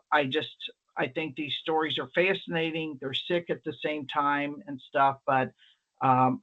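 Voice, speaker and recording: A man presenting as a nurse, telling a story on an online call in a chatty, rambling way with many fillers and restarts. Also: fairly high pitch. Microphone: video call. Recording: dull lo-fi online call audio.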